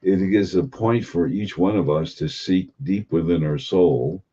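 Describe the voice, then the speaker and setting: A man giving an unhurried spiritual talk as a teacher, posing and repeating rhetorical questions. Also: sits low, dark tone, slight background noise. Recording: dull lo-fi recording.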